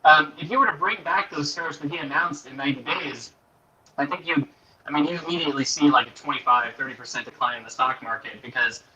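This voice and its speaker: Fast, bright-toned man on a poor mic. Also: on the high side, far from the mic, highs cut off. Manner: rambling, hedging with fillers. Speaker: economics commentator on panel. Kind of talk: casual explanatory chat.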